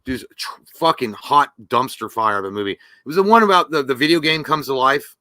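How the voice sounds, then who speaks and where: A man's voice: medium pitch, animated, a little fast, sharp tone, dry recording. A man co-hosting a casual live stream, cracking crude jokes and swearing freely. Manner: crude, joking, profane. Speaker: podcast co-host.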